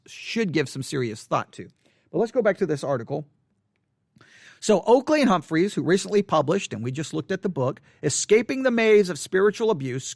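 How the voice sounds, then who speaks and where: Earnest man with a lively high voice. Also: dry recording, clean studio sound. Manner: earnest, halting with many restarts. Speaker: Christian commentator. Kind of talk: reading and commenting on an article.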